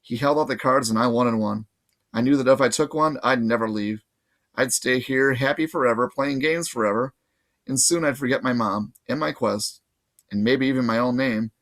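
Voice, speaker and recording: A man reading a novel aloud in casual, lively first-person narration. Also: mid-range voice, normal speed. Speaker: audiobook reader.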